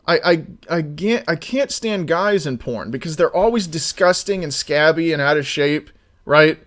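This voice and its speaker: A man talking casually on a live stream, rambling with many restarts and sometimes getting loud and exasperated. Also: fairly high pitch, expressive, normal speed.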